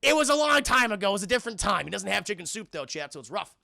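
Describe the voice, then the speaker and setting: A man giving a casual, excitable and profane commentary as a cartoon reviewer, often talking to his chat. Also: sits high, racing, vocal fry, no echo, studio quality.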